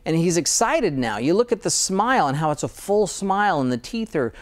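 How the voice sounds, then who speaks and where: A man with a fairly high voice talks as a dentist guest on an interview show. He sounds earnest and enthusiastic, and he often restarts his sentences as he speaks. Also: very animated, fairly quick. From Utah, USA. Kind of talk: interview conversation.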